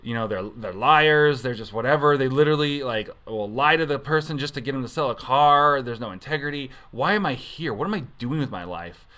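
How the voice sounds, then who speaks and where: A man's voice: mid-range voice, animated, fairly quick, hardly any pauses, pushed and bright. A man giving a casual devotional talk as a youth pastor, rambling and conversational, often correcting himself mid-sentence.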